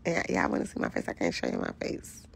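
A woman with a hoarse, raspy voice, chatting casually to viewers on a phone livestream in a candid, profane, rambling way. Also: a bass voice, wildly swooping pitch, quick pace, a little hiss or hum. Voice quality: raspy, gravelly voice.

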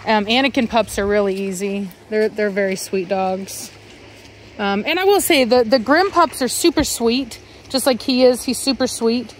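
Chatty woman breeder, brisk and bright. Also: fairly high pitch, fairly even intonation, slight background noise. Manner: chatty, scolds dogs sharply then coos softly. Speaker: dog breeder. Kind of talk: casual vlog talk to camera and dogs. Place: outdoors in a dog yard.

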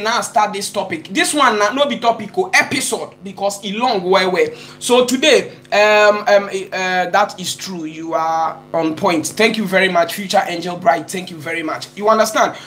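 A man's voice: sits high, a bit bright. Chatty man hosting a live stream. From Ghana. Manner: chatty, switches between Pidgin and English, greets viewers by name. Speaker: YouTube live-stream host. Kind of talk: casual live-stream chat. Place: in Italy.

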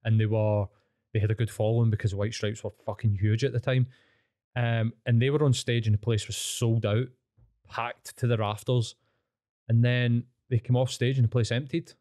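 A man's voice: medium pitch, little pitch movement, moderate pace, mellow, no echo, studio quality. A man in his thirties with a Glaswegian Scottish accent, telling blunt, sweary stories as a podcast guest, rambling with restarts. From Scotland. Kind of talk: candid storytelling.

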